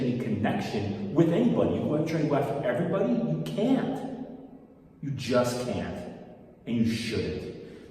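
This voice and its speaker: Male business coach, low mellow voice, punchy and playful, picked up from afar in a reverberant room. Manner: energetic, playful, repeats key words. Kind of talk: casual motivational teaching. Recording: echoey room, far from the mic.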